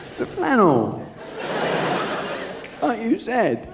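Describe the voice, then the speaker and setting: A man with an English accent doing a live stand-up routine on a theatre stage, telling stories in a dry, deadpan way. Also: very high-pitched, drawn-out words, gravelly. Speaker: stand-up comedian. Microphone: stage microphone. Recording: live theatre recording with crowd and noise. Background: audience laughter.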